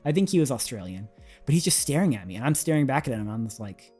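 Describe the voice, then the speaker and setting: A man's voice: medium pitch, big pitch swings, fast talker, mellow, husky. A man streaming, casually telling a rambling story with many fillers and chuckles. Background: faint music.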